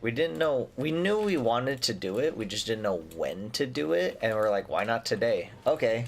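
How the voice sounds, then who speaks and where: A man's voice: mid-range voice, sing-song, moderate pace, vocal fry. A man co-hosting a game stream, chatting in an easygoing way with dry jokes. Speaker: gaming streamer co-host. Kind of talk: casual chat while playing a game.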